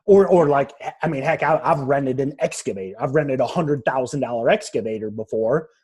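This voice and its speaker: A man's voice: mid-range voice, animated, brisk, a little mellow, breathy edge. A man co-hosting a podcast, talking in a loose, rambling way with lots of restarts and casual slang. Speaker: podcast co-host. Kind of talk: casual chat.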